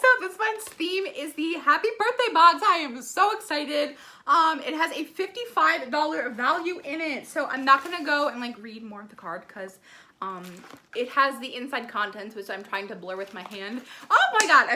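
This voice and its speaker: A woman beauty vlogger gushing through an excited unboxing, gasping often and filling her talk with "like" and "oh my gosh.". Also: on the high side. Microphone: ring light setup, desk camera.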